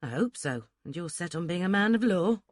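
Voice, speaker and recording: A woman voicing a gruff, wry northern English farmer who teases with blunt questions, in a northern accent. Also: lowish voice, lively intonation, a little fast, a little mellow, no room sound, clean studio sound. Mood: dry amusement.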